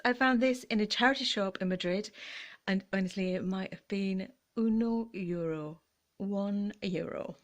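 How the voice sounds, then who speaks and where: A female vlogger with a mid-range, slightly slow voice shows off vintage clothes in a light-hearted chat. Her delivery is playful, theatrical and self-mocking, and she often drops to a hush.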